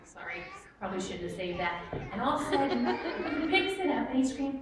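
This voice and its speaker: A woman doing stand-up storytelling in a church hall, animated and self-mocking as she acts out the people in her story. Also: sits high, brisk. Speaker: stand-up comic. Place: church hall with a live audience. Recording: echoey room from far off with noise.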